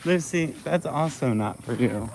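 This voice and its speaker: A farm owner chatting casually on a live stream while feeding animals in an outdoor pasture, coaxing them gently. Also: mid-range voice, expressive, normal speed, a little hiss or hum. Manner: coaxing, soft-spoken with the animals. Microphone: phone live stream.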